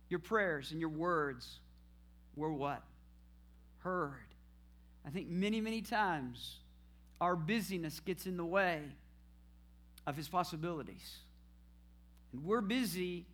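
A man's voice: high-pitched, takes it slowly, pauses often. A man preaching a sermon, asking the congregation questions and answering them himself. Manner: call-and-response preaching, rising to shouted praise at the end.

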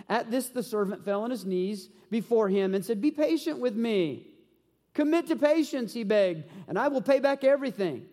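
A man preaching to his congregation in a fairly high voice, shifting from quick stretches to slow, weighty lines as he reads scripture and asks questions. His voice rings out through a hall with a long echo. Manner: animated preaching, reading scripture aloud, asking the congregation questions. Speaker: pastor. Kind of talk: sermon.

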